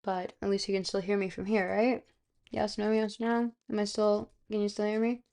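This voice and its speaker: Young woman from South Florida, casual stream chatter, fry in the voice, a bit hoarse from being sick. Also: medium pitch, little pitch movement, a little fast, darkish tone. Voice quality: vocal fry. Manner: rambling, hesitant, lots of fillers. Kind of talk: casual live-stream chat. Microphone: close streaming microphone.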